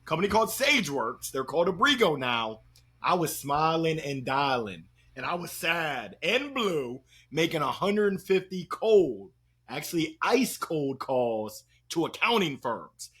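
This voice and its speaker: A man telling stories as a guest on an interview show, in a playful, slangy, animated way. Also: fairly high pitch, measured pace, slightly rough. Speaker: guest, sales speaker. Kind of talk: energetic interview storytelling.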